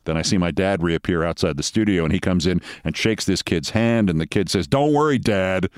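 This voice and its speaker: A man's voice: low-pitched, a little fast, clear, resonant tone, dry recording. A man hosting a show, telling a personal story in a wry, vivid way. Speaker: host. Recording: dry close studio sound.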